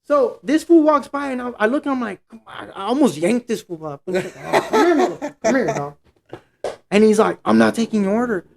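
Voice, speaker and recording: A man's voice: high-pitched, fairly quick, vocal fry, hardly any pauses, darkish tone. A man co-hosting a podcast, telling a story in casual, profane slang and acting out what everyone said. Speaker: podcast co-host.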